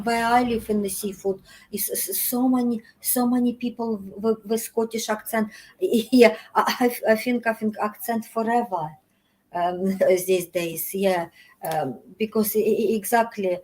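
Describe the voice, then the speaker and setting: Russian-accented woman in halting English. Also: on the high side, steady tone, a little mellow, poor audio. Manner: halting broken English with many restarts. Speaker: guest. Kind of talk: casual chat. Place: hotel.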